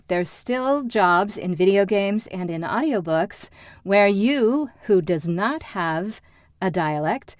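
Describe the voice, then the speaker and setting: A woman's voice: mid-range voice, no room sound, studio quality. A woman acting coach giving a friendly, explanatory lesson to camera. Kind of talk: instructional talk to camera.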